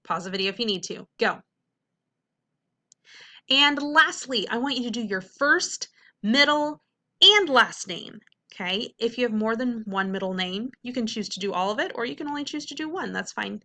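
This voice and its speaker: Bright, upbeat woman teacher. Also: a little high, expressive. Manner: upbeat, checks in with frequent "okay?"; slows to sound out words carefully. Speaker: reading teacher. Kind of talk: classroom video lesson.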